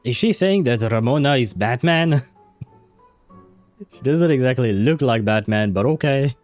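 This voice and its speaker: A man's voice: mid-range voice, lively intonation, a little slow, darkish tone, soft background music. A French-speaking man chatting casually as he streams a game, rambling with lots of fillers. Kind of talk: casual gameplay commentary.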